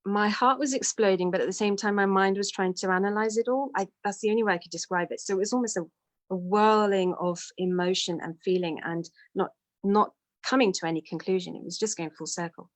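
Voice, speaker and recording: A woman's voice: medium pitch, brisk. A woman telling a personal story in a candid, self-deprecating way. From United Kingdom. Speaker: devotee sharing testimony.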